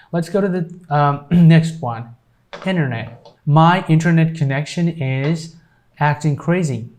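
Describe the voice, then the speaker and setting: Mężczyzna z bangladeskim akcentem, nauczyciel angielskiego. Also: male voice, fairly high pitch, a little mellow. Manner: explains slowly with many fillers and repeated example sentences. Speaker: English teacher. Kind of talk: pronunciation lesson.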